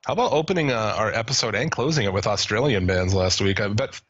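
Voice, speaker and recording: A man co-hosting a podcast, chatting casually, swearing and laughing as he reads out listener shout-outs. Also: on the low side, quick pace, no room sound, lo-fi sound. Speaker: podcast co-host.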